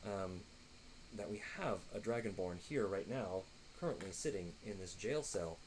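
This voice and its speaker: Guy game master rambling to chat, lots of ums, lively pitch, light hiss. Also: normal speed, rough recording. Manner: rambling, lots of fillers and restarts. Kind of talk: narrating a tabletop game on stream.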